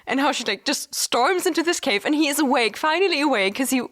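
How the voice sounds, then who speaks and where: A woman's voice: high-pitched, animated, fast talker, fairly bright tone. A young woman co-hosting a casual book podcast, retelling scenes animatedly with acted-out quotes. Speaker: podcast co-host. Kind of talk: casual chat.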